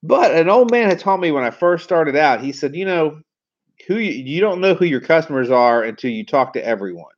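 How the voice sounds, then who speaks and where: A man, telling car sales stories in a casual, animated, slangy way. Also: a little high, fairly quick. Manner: animated, slangy, acts out quoted voices. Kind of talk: casual storytelling. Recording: slightly dull lo-fi audio.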